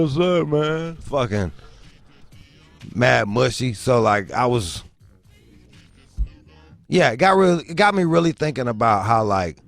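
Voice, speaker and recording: A young man hosting a show, telling a story as a profane comedic rant and acting out the voices he quotes. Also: lowish voice. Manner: animated storytelling, acts out quoted voices, swears heavily. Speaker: host.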